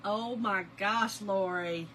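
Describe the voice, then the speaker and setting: A woman's voice: mid-range voice, slow pace, a bit bright, slight background noise, low-quality recording. A middle-aged woman, chatting and laughing with viewers as she crafts on a livestream. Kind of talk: casual chat while crafting live.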